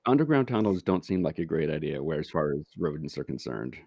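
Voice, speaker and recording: A man co-hosts a podcast in casual, wry banter. His voice is very low and gravelly, with a dark, mellow tone. The sound is dry and close. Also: very animated, a little fast, no echo. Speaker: podcast co-host. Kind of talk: casual chat.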